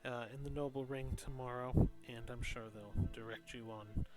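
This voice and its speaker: A man runs a tabletop game in an unhurried, rambling way. His voice sits at an ordinary pitch, and he stops for many ums while he describes the scene. Soft music plays faintly behind him. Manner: relaxed, filler-heavy narration with many ums. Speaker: game master.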